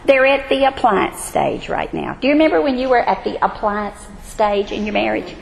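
A woman's voice: medium pitch, expressive, normal speed, creaky, slight background noise. A woman, earnestly teaching a women's Bible study. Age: 60s. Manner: earnest, emphatic, emotional at times. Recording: hall reverb, faint ambience.

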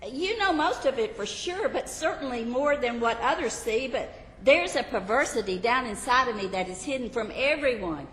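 A woman's voice: expressive, moderate pace, few pauses, fairly bright tone, slight background noise. Brief: woman doing a worried, self-doubting sinner, raised and insistent, echoey hall with faint background. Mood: anxious pleading. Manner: insistent, raised and high-pitched. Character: pleading anxious sinner, adult, self-doubting.

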